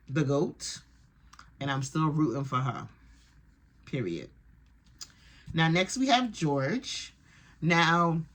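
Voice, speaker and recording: Brief: woman reaction vlogger, chatty, opinionated, rambling recap. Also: low-pitched. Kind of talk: casual episode recap.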